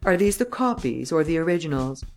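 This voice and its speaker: A man reading an audiobook, voicing a calm, commanding gentleman adventurer who talks with a mocking edge. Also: a little high, brisk, soft background music.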